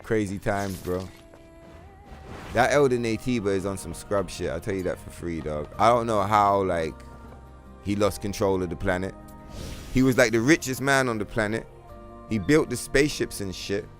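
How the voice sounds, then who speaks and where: A man's voice: fairly low pitch, moderate pace, faint music behind. A man streaming a game, rambling in a casual, profane, slang-heavy way. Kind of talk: casual livestream chat.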